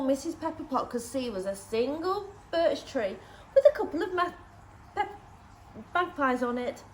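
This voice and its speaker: A woman's voice: high-pitched, lively intonation, measured pace, a little hiss or hum, rough recording. A woman, a nursery teacher, reading a storybook aloud to young children, with lots of gasps and questions to the little ones.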